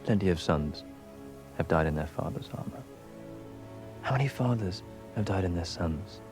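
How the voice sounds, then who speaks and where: A grim, husky-voiced royal prince in RP English. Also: male voice, low voice, expressive, normal speed, a little mellow, no echo, heavily acted. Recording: TV drama clip with faint music.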